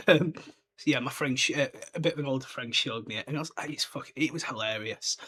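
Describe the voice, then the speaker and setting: A man's voice: fairly high pitch, very fast, bright, forceful tone, slightly rough. A young man hosting a podcast, chatting casually and rambling with lots of filler words. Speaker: podcast host. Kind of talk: casual solo book discussion.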